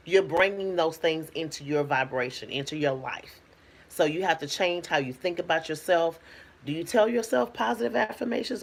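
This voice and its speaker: Woman healer, lowish voice, emphatic and colloquial motivational talk to camera. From United States. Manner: preachy, emphatic, animated exclamations; colloquial, laughs often. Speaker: spiritual healer and sexologist.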